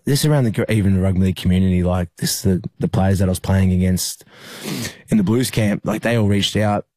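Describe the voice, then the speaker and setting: In a low-pitched, mellow voice with no room sound, a young Aussie rugby league player shares a story about himself in an interview. He halts often, restarting and using many fillers.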